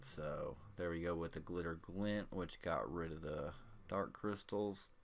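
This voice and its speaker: Male gamer, deep voice, laid-back commentary into a desk mic, hiccuping throughout. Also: measured pace, creaky. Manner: relaxed, chatty, with small hiccups between phrases. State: has the hiccups. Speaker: gameplay commentator. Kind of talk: casual game commentary. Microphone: desk microphone.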